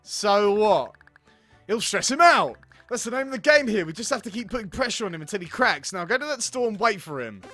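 A man's voice: high voice, lively intonation, fairly quick, pushed and bright, no echo, soft background music, exaggerated voice. A man doing a scheming bossy schoolboy. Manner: conspiratorial, giving orders. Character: scheming bossy kindergarten boy.

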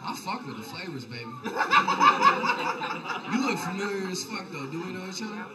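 A young male comedian with a high voice works a bar room in a loose, rambling, profane stand-up set. The audience laughs loudly behind him throughout the live recording. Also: animated, fairly quick, distant mic, over a noisy crowd, low-quality recording.

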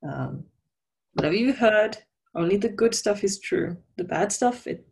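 A woman voicing her own character in a tabletop role-playing game. She talks hesitantly and stammers, often breaking off and restarting. Her voice is a little breathy. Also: mid-range voice, lively intonation, a little slow, a little mellow. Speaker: player.

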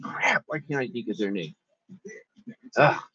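A man playing a tabletop game, talking in a lively, playful way. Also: mid-range voice, a little slow, husky, no room sound, muffled recording. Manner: lively, playful in-character lines. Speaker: player. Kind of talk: casual tabletop play.

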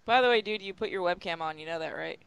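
A woman's voice: on the low side, fast, gravelly, a bit bright, clear, resonant tone, no room sound. A woman reading a fan story aloud with friends in a casual, swearing, teasing way. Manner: profane, laughing, teasing. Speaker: group reader.

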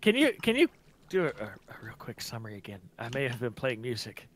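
A woman's voice: a bass voice, big pitch swings, a little fast, slight background noise. A British woman playing with friends over voice chat, hesitant and stumbling when she asks a question. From Britain. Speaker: player. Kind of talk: casual gaming chat over voice call.

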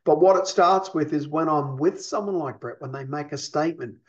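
Man teaching, slightly high voice, muffled. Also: brisk. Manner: explanatory, checks in with "you see?" and "okay?". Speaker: counselling instructor. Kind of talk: recorded teaching lesson.

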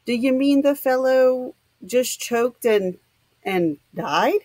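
A woman voicing a bewildered elderly male general who speaks slowly and haltingly. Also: high voice, lively intonation, a little mellow, no echo, pitched above the performer's own voice, full character voice.

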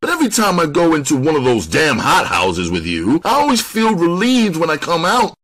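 A man's voice: on the high side, huge pitch swings, fairly quick, fairly bright tone, voice pushed up, full character voice. A man doing a weary raised-voice detective. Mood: rueful. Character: weary middle-aged male police detective, uneasy.

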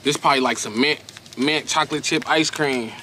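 A man's voice: mid-range voice, fairly quick, slight background noise. A young man doing a casual snack unboxing review, slangy and emphatic, often repeating himself.

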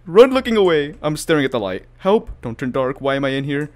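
A man's voice: on the high side, very animated, fast, few pauses. A man giving horror gameplay commentary as a YouTuber, jumpy and panicky, gasping, swearing and laughing nervously. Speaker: gaming YouTuber.

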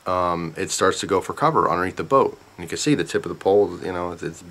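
A man with a somewhat low voice talks straight to his viewers in a relaxed storytime vlog. He rambles through the tale with animated energy and keeps stopping for side comments. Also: fast. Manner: rambling, animated retelling with asides. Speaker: vlogger. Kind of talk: casual storytime.

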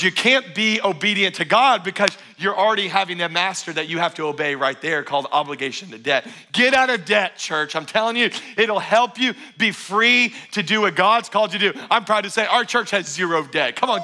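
A man preaching a sermon as pastor, energetic and emphatic, often repeating phrases for stress. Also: high-pitched. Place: church auditorium.

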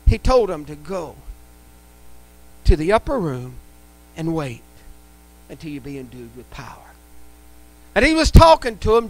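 A man's voice: sits high, rough recording. A man preaching a live church sermon, emphatic and repetitive, speaking in a church sanctuary. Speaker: pastor.

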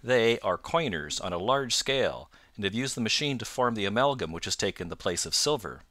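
A man voicing a sharp, confident male detective in an audiobook, cool and measured. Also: fairly low pitch, expressive, no echo. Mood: calm, knowing. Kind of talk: audiobook narration.

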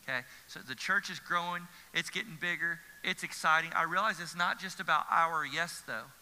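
A man's voice: on the high side, moderate pace, bright, forceful tone. A man, a pastor preaching an earnest sermon with emphatic repetition. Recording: church hall reverb.

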